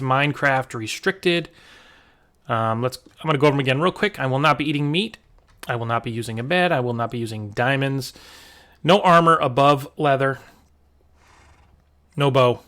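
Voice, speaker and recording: Male gaming host, mid-pitch, casual rambling commentary over gameplay. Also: a bit bright. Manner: chatty, rambling with fillers and restarts. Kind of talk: casual let's-play commentary.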